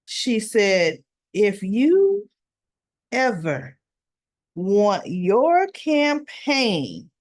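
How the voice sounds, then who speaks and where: A woman's voice: mid-range voice, wildly swooping pitch, very slow, darkish tone, dry recording. A woman hosting a casual recap, retelling scenes with acted-out quotes and chatty asides. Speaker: soap opera recap host.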